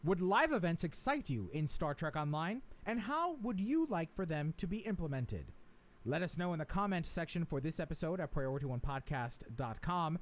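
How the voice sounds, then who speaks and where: A man's voice: a little high, very animated, normal speed. A man hosting a live podcast in casual banter, joking and swearing freely, from New Jersey. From West New York, New Jersey. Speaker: podcast host.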